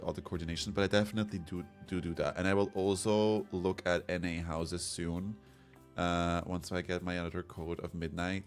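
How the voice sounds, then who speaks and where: A man streaming a game, chatting casually and rambling as he reads chat comments aloud. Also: deep voice. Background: soft background music.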